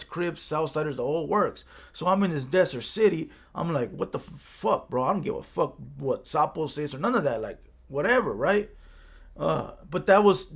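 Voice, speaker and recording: A man's voice: on the high side, vocal fry. A man from Los County, telling a street story in a casual, profane way and often checking in with "right?". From Los Angeles County.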